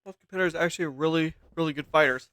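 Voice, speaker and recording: A man commentates on wrestling while he is out of breath, rambling casually and joking at his own expense. His voice sits a bit high. The recording is dry and close. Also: fast, a bit bright, no room sound. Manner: rambling, self-mocking asides. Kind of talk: casual game-league commentary. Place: indoors at a desk chair.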